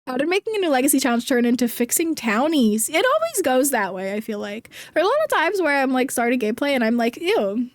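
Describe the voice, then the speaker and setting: A woman's voice: high-pitched, very animated, quick pace, few pauses, no echo, studio quality. A young woman from New Jersey with a Jersey accent, chatting casually as a streamer, rambling, giggly and self-deprecating. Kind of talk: casual chat while gaming, reading chat.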